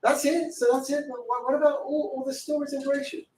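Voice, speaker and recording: A fervent middle-aged man with a high voice teaches a Torah class, piling on rhetorical questions and breaking into shouts. He is picked up from across an echoey room, with faint room hum behind him. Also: little pitch movement, fairly quick, distant mic.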